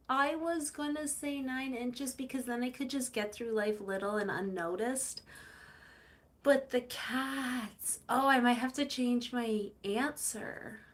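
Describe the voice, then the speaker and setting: This is a young woman with a fairly high voice, hosting a laid-back live stream. She chats and rambles, replies to viewers' comments, and tells stories with playful quoted voices. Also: fairly bright tone. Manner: chatty, rambling, reads and answers viewer comments. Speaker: livestream host. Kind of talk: casual live-stream chat.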